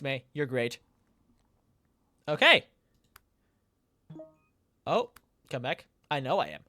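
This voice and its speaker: Chatty gamer guy, slightly high voice. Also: a bit bright, no room sound. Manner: chatty, reacts aloud with laughs and swearing. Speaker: let's play gamer. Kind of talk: gameplay commentary, reading chat messages aloud.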